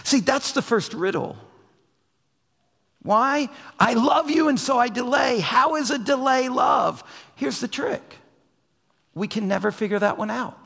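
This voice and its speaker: A male pastor preaching a sermon, dropping to soft low asides and then rising to raised, emphatic lines. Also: animated, measured pace, gravelly. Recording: long hall reverb.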